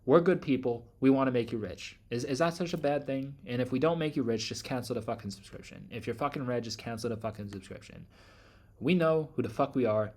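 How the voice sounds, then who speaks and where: A man's voice: mid-range voice, fairly quick, a little mellow. Intense swearing man on a rant. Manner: intense, swearing constantly, repetitive. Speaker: trading channel host. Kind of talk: profane motivational rant.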